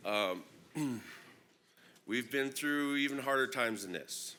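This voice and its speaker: A man from Northern California, congested with a plugged-up nose, giving an unhurried, reflective opening talk at a conference with many ums. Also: medium pitch, bright, forceful tone, a little hiss or hum. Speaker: invited opening speaker. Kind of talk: personal address at a conference plenary.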